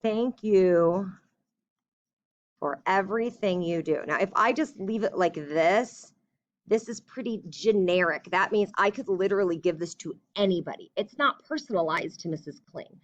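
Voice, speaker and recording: A young woman teacher going through a writing lesson, dictating slowly and chatting in between. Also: mid-range voice, lively intonation, muffled recording. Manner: slow and deliberate when dictating, chatty in between. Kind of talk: recorded classroom writing lesson.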